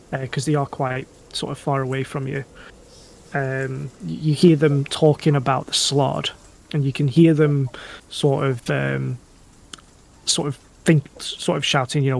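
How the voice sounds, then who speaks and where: A man's voice: fairly high pitch, vocal fry, a little mellow. A man, narrating a tabletop game as dungeon master with many ums and restarts.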